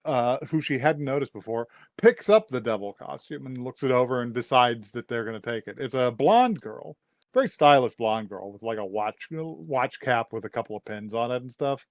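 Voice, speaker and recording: A man's voice: mid-range voice, expressive, normal speed, no room sound. Male podcast co-host, casual recap chat, rambling delivery, salty language, dry close sound. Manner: rambling, swears freely, laughs often.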